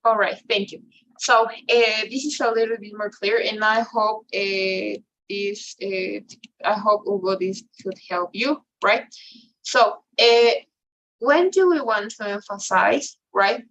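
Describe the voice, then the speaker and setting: A woman leads an online English lesson at an unhurried pace, stopping often to check in with tag questions. Her voice sits in a middle pitch and comes through a video-call mic. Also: fairly bright tone, lo-fi sound, a little hiss or hum. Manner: explains slowly with many fillers and tag questions. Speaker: English teacher. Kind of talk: online class instruction.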